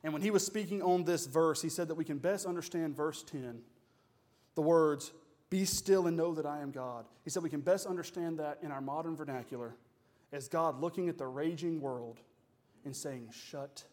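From the pulpit on Sunday, a pastor with a somewhat high voice alternates hushed, measured phrasing with forceful, building proclamations. His preaching swells and pauses dynamically, and he addresses the congregation as "y'all."

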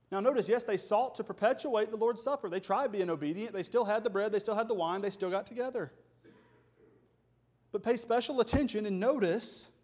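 A man's voice: high-pitched, a little mellow. A man preaching a sermon as pastor, emphatic and full of rhetorical questions.

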